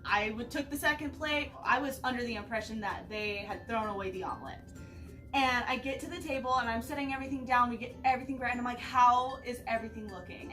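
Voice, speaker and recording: A young woman hosting a casual vlog, telling stories in a profane, animated way full of "like"s. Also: on the high side, far from the mic, rough recording. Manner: profane, animated storytelling with many "like"s. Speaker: vlogger host. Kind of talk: casual storytelling chat.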